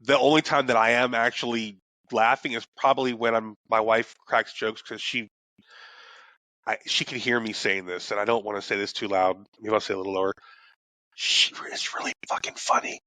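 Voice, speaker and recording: Bright-voiced man rambling casually. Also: on the low side, fairly even intonation, a little fast, no echo. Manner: rambling, swears freely, restarts sentences. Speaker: podcast co-host. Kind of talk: casual chat.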